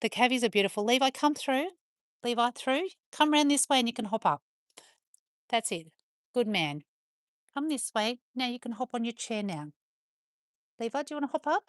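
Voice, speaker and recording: A woman's voice: a little high, expressive, normal speed, long pauses, no echo, studio quality. A woman with an Australian accent chatting casually on a live stream from her farm, talking to her viewers and calling to her dogs in turn. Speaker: livestreamer on a farm.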